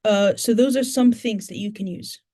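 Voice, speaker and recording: A woman's voice: medium pitch, normal speed, mellow. A woman teacher trainer with a British English accent, answering audience questions at an online conference and explaining in steps, with many fillers and restarts.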